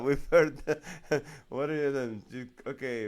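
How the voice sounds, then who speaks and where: A man's voice: medium pitch, slow pace, hardly any pauses, darkish tone. A male comedian hosting a casual live stream, reading viewer comments aloud and laughing often. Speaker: comedian host of a live show.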